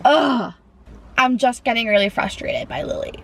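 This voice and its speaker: A woman's voice: high voice, moderate pace, a bit bright, slight background noise, poor audio. A young woman talking casually in a book vlog, chatty and full of "like". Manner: chatty, fills talk with "like". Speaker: book vlogger. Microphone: camera propped up without tripod.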